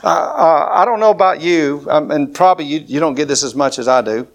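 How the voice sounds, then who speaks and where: A man's voice: a little high, brisk. A man from southern Alabama with a Southern accent, preaching a conversational sermon with folksy asides. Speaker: pastor.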